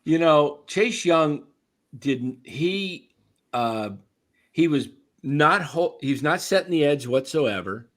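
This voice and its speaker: A man's voice: on the high side, lively intonation, slow pace. A man with an ordinary mid-range voice hosts a casual sports chat on a live stream. He rambles in a stop-start way and often restarts his sentences. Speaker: sports show host.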